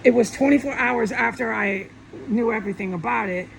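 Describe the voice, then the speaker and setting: A woman delivers a heated solo rant, swearing often and circling back over the same points. Her voice sits a little high and carries a gravelly, fried texture. She talks straight at her viewers. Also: a little fast, a little hiss or hum, poor audio. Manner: profane, agitated, repetitive. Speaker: vlogger. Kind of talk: angry monologue rant. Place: alone at home.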